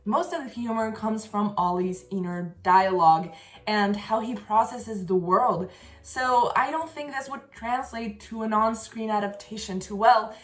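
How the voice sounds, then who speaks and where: A woman's voice: medium pitch, measured pace, reverberant, soft background music. Chatty young woman reviewing books. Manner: chatty and enthusiastic, with laughs. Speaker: book vlogger. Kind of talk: casual book review.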